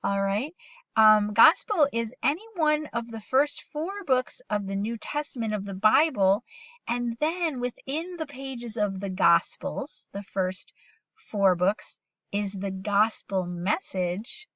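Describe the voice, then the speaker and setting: A middle-aged woman teaching a phonics lesson to young children at home, patient and encouraging, reading sentences slowly aloud with them. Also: a little high, expressive, fairly bright tone, no room sound, highs cut off.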